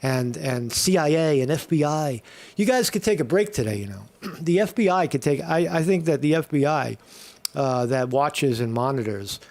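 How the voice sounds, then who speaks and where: A man's voice: on the high side, animated, normal speed, a little mellow. A man hosting a live morning stream in a casual, irreverent way, full of fillers and restarts. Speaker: host of a live morning show.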